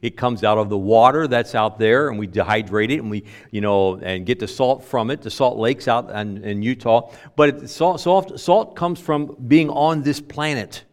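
A male pastor preaching a sermon in a conversational way, slowing down and leaning hard on key words. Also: medium pitch.

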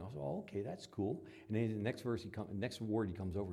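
A man preaching a sermon, moving between loud emphatic passages and quiet conversational asides, and acting out the voices he quotes. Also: lowish voice, fast talker, creaky, few pauses. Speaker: pastor.

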